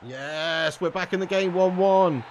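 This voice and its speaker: A man's voice: sits high, a little slow, highs cut off, slight background noise. A young British man streaming a football game live, ranting and swearing at length and laughing often between comments. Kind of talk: casual live-stream rant.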